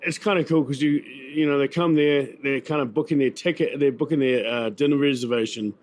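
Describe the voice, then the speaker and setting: A man with a New Zealand accent, a chef who owns a restaurant, gives a relaxed interview at a busy event venue. His mid-range, darkish voice moves fairly quickly, and his chatty speech is filled with fillers and repeated words.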